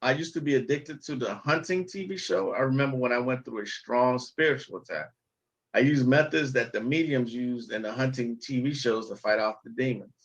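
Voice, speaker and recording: A man's voice: medium pitch, brisk, lo-fi sound. A man speaking bluntly and emphatically in a casual vlog clip.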